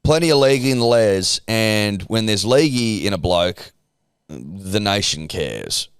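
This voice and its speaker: A lowish-voiced Australian man co-hosts a sports podcast. He rants in a laid-back, sweary way and banters with his mate. The sound is close and dry. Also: expressive, slow pace, clean tone, no echo. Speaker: podcast co-host. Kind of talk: casual chat.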